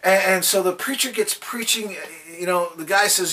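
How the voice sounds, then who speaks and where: A man's voice: high voice, moderate pace, pushed and bright, distant mic, a little hiss or hum. A man giving a daily devotional talk and telling folksy stories. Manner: folksy anecdotal storytelling. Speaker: devotional speaker.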